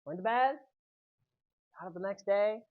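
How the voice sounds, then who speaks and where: A man giving a youth sermon, telling a personal story with lively energy and often checking in with the audience. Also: sits high, moderate pace, narrow, tinny audio. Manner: animated storytelling, keeps checking in with "right?". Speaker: youth speaker.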